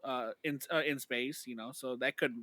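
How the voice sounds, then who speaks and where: Bright, eager man on a podcast. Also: medium pitch, steady tone, normal speed, no echo. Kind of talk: casual fan chat.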